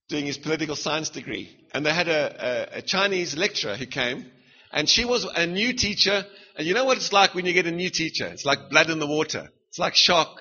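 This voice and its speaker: A man's voice: on the high side, pushed and bright, highs cut off. A middle-aged man with a South African accent preaching a sermon, punchy and humorous, firing rhetorical questions at the congregation.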